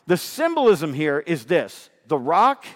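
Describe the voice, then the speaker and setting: Animated high-voiced male preacher. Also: measured pace, long reverb tail. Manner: animated, emphatic, repeats phrases. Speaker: pastor. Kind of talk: sermon.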